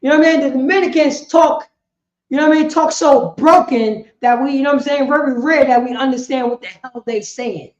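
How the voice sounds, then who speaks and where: High-voiced woman quizzing a class. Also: fairly quick. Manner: keeps asking "you know what I'm saying?". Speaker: class leader. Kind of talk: informal group lesson, questioning the class. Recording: echoey room, dull muffled sound.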